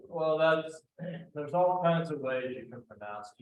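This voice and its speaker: A man speaking as a panelist, explaining in a measured way at a public event. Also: fairly high pitch, lively intonation, distant mic. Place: museum event room. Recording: echoey room with faint noise.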